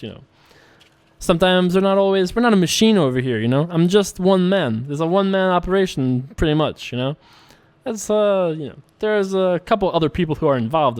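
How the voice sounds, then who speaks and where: A man's voice: a little high, a little mellow. A young man hosting a poker channel, chatting casually and rambling as he plays and reads viewer questions aloud. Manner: rambling, chatty, self-correcting. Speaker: online poker vlogger. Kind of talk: casual commentary while playing.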